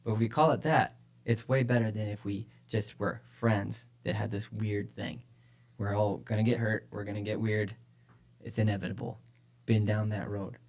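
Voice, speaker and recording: A man's voice: fairly low pitch, little pitch movement, normal speed, vocal fry, darkish tone. A man co-hosting a church podcast, talking casually and with energy about faith, often repeating phrases for emphasis. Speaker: podcast co-host, church leader.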